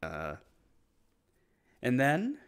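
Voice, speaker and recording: A man's voice: medium pitch, huge pitch swings, drawn-out words, smooth. A man hosting a casual episode recap, rambling with lots of restarts and fillers. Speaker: show recap host.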